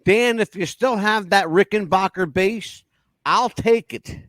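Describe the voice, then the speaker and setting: A man hosting a casual talk-radio show, telling stories with animated, crude and profane patter. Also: high voice, a little slow, no room sound. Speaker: radio host.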